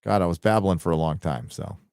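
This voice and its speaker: A middle-aged man hosting a casual late-night livestream, rambling, swearing and excitedly reading viewer donations aloud. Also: deep voice, brisk, creaky, dry recording, studio quality. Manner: rambling, profane, excitable, reads donor messages aloud. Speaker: livestream host reading super chats.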